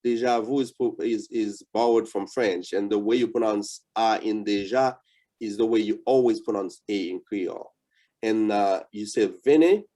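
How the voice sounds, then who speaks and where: Over a video call, a language instructor from Haiti runs an interactive online lesson in a lowish, dark-toned voice. Patient and coaching, he slowly repeats words for the learner.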